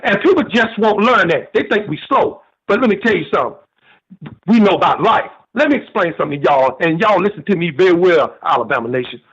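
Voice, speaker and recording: A man's voice: sits high, expressive, a little fast, a bit bright, breathy edge. An older man with a Southern US accent calling in to a sports show, folksy and sermon-like, repeating "man". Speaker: caller. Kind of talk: phone-in preaching-style rant. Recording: muffled phone call.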